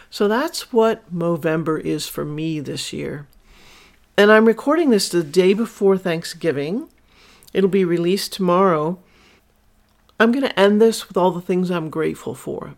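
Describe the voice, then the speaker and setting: A woman hosting her own podcast, speaking candidly and emphatically as she tells personal stories and gives advice as a sex educator. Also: lowish voice. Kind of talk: solo podcast monologue.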